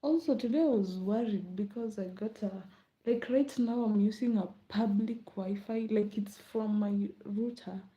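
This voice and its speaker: A young Kenyan woman with a Kenyan accent chatting casually late at night, rambling and laughing, often dropping to a soft murmur. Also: medium pitch, moderate pace, muffled recording. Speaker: vlogger.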